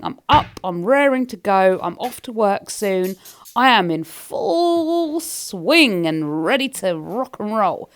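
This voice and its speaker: Chatty woman with vocal fry. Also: on the high side. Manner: chatty and rambling, talks to viewers. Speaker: cleaning vlogger. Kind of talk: casual chat to camera while cleaning.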